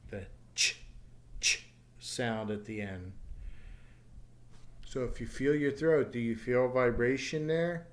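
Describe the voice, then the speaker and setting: A man teaching English pronunciation in a recorded online lesson, slowly repeating each word clearly and patiently. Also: medium pitch. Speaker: ESL teacher.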